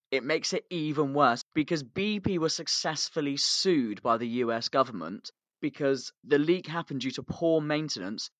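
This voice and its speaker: Bright-voiced British podcast host. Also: male voice, mid-range voice, dry recording. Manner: animated, swearing, laughing storyteller. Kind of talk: casual podcast chat.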